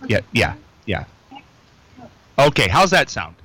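A chatty male radio host talking casually in a small studio. His voice is very bright and animated, rising and falling freely. He jokes around and reads phone numbers slowly and carefully. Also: medium pitch, breathy edge, rough recording. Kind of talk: casual local radio chat.

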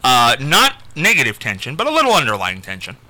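A man's voice: brisk, rough recording. A man hosting a radio talk show, telling a story in casual chat and jumping his voice up when quoting people. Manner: animated storyteller, jumps pitch for quotes. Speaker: radio host.

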